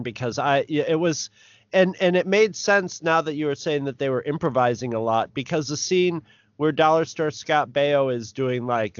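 A man with a slightly high voice chats about films, stopping and restarting as he searches for the right words. The recording is dry and close, with a dull lo-fi quality. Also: normal speed, no echo. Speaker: podcast co-host. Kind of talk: casual film discussion.

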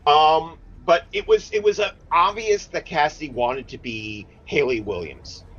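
A man's voice: a little high, unhurried, fairly bright tone, husky. A man chatting casually on a podcast, opinionated and emphatic, swearing freely. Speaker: podcast co-host. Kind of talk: casual chat. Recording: dull lo-fi sound.

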